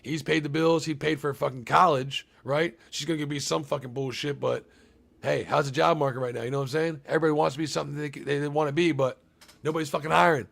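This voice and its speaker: A man's voice: a little high, fairly even intonation, fast talker, gravelly, fairly bright tone. A young man recapping a movie on a casual live stream, rambling and swearing often and talking to his chat. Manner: profane, rambling, talks to chat.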